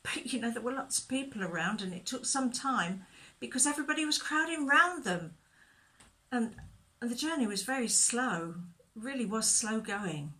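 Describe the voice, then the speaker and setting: A woman leading a children's church talk, telling a Bible story in a gentle, expressive way and asking questions, recorded for video. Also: on the high side, normal speed.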